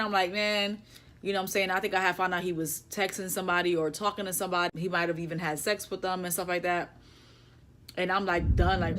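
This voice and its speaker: A young woman, telling a personal story in a casual, halting, emotional way with many fillers. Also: fairly low pitch, a bit bright. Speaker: vlogger.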